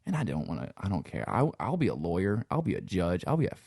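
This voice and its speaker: A man's voice: low voice, huge pitch swings, fast, vocal fry, a little mellow, husky, dry recording, studio quality. A man from Louisiana with a Cajun accent, talking in a laid-back, rambling way and swearing freely in a casual conversation. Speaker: podcast guest.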